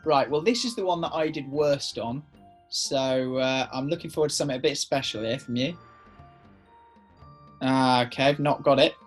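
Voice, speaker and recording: A man's voice: medium pitch, moderate pace, soft background music. A man co-hosting a casual drawing game, teasing and swearing in mock indignation. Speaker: co-host.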